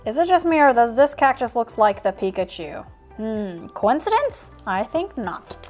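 A woman's voice: a little high, sing-song, normal speed, faint music behind. A woman hosting a toy unboxing video, narrating in a silly, playful way and making sound effects.

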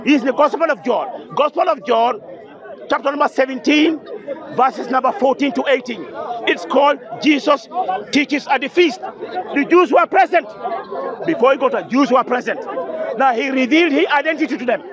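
A man debating religion at an outdoor speakers' corner, insistent and repetitive, citing verses emphatically. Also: extremely high pitch. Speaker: street debater. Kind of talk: open-air religious debate. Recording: dull outdoor recording with crowd. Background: crowd noise.

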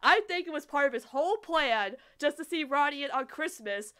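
A woman hosting a podcast, chatting casually about a cartoon in an animated, rambling way. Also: sits high. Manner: animated, rambling, quick to laugh. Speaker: podcast host.

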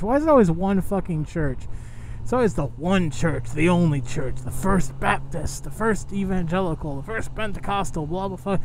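A man vlogging from his motorcycle on a highway, talking to his viewers with excitable, profane commentary. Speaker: motovlogger. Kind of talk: casual ranting commentary while riding. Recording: loud wind and traffic noise from riding.

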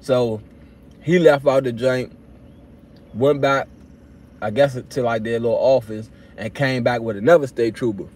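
A young man casually telling a story straight to his viewers, animated and full of slang, acting out his own replies as he goes. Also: mid-range voice, a little slow, long pauses. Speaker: vlogger telling a personal story.

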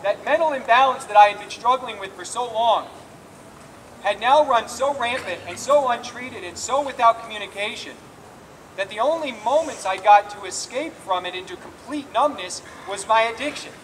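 A man's voice: very high voice, normal speed, a bit bright, a little hiss or hum. A man giving an earnest, confessional personal testimony at an outdoor rally, often restarting his sentences. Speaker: speaker at a recovery rally. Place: outdoor rally in a public square. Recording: distant outdoor recording with faint ambience.

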